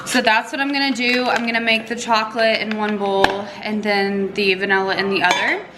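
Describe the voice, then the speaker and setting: A woman's voice: medium pitch, little pitch movement, fairly quick, reverberant, heavy background noise. A young woman in her twenties chatting casually at home as a vlogger, talking through her routine with lots of "like" and little laughs. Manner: chatty, says "like" often, laughs between thoughts. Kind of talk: casual vlog chat. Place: at home, indoors.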